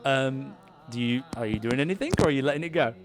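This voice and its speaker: A man's voice: medium pitch, fast talker. Guy running a tabletop game, rambling, faint music under it. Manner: rambling, lots of fillers and restarts. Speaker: game master. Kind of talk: improvised tabletop narration.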